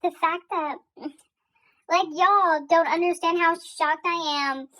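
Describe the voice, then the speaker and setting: Holding her phone at arm's length, a young woman reacts to a TV show's finale in a casual chat. Her very high voice is steady and a bit bright, and she speaks slowly, giggling and sounding exasperated amid plenty of likes and y'alls.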